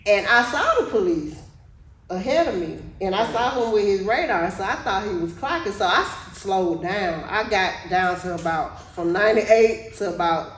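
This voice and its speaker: A woman podcast co-host telling a story in casual chat, animated and laughing often. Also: mid-range voice, normal speed, recorded from a distance. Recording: echoey room, off-mic, faint noise.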